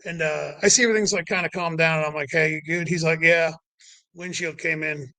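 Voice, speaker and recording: A man's voice: on the high side, fairly even intonation, brisk, pushed and bright, dry recording, rough recording. A young man telling a racing story in loose, rambling casual chat, full of "like" and "you know". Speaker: podcast guest.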